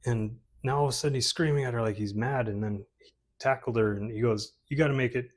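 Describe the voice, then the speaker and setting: A man's voice: medium pitch, steady tone, brisk. A man casually talking through his old comic portfolio pages, rambling with many fillers and restarts. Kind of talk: casual chat.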